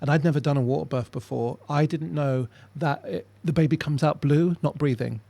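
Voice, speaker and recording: A man with a high voice tells comic stories in an animated way. He slips into voices for the punchlines. The sound is dry and close. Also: a little fast, gravelly, no echo. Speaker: comedian guest. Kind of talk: casual chat, comic storytelling.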